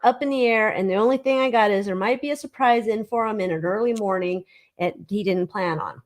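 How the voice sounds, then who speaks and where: A woman's voice: mid-range voice, brisk. A woman from California co-hosting a tarot show, chatty and teasing in casual talk. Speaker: tarot reader co-host. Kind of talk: casual chat.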